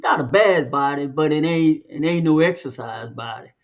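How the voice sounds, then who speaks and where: A man's voice: a little high, normal speed, lo-fi sound. A man co-hosting a podcast, talking in a loose, conversational way and drawing out the words he wants to stress. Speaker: podcast co-host. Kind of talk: casual chat.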